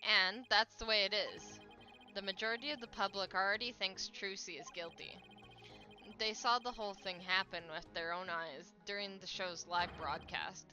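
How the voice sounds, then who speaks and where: A woman's voice: medium pitch, normal speed, bright, forceful tone, faint music behind. A woman voicing a smug male TV producer who taunts and gloats in slangy speech while reading game dialogue. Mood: taunting.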